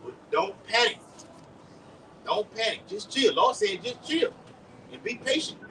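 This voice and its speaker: A man preaching live outdoors and leading the teaching, with a lively, repetitive delivery, calling on others to read verses. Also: high-pitched, measured pace. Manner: animated, repeats words, calls for scriptures. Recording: distant mic with faint street noise.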